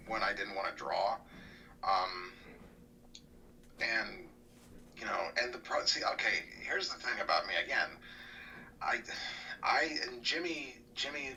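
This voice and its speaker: Rambling man, bright voice, distant mic. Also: on the low side. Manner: rambling with many restarts, trailing quieter. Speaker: guest, cartoon historian. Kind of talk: casual interview chat. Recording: distant mic with faint noise.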